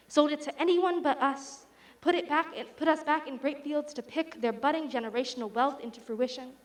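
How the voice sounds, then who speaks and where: A woman reciting a poem in a measured, solemn manner. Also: sits high. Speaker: student poet. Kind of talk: recited poetry.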